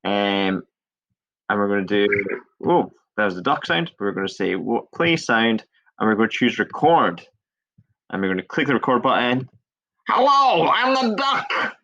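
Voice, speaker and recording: A male teacher walking through a coding tutorial step by step, chatty and relaxed, shrugging off his own small mistakes. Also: on the low side, normal speed. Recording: dull lo-fi screen recording.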